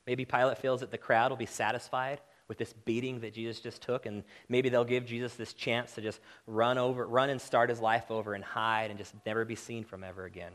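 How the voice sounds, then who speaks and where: A man preaching a sermon, impassioned and direct, building to loud emphatic peaks and then dropping to quiet, earnest lines. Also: medium pitch, level tone, brisk, hardly any pauses.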